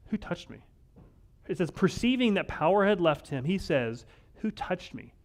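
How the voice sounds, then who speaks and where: A male pastor giving a conversational sermon, wry and animated, often acting out the lines of the people in the story. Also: on the high side. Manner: conversational, wry, acts out quoted voices.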